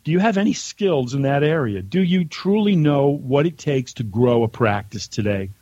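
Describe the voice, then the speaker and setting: Guy reading his letter out loud, plain blunt delivery, dry slightly muffled audio. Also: mid-range voice, animated, normal speed, husky, no room sound. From United States. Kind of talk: casual chat and reading aloud.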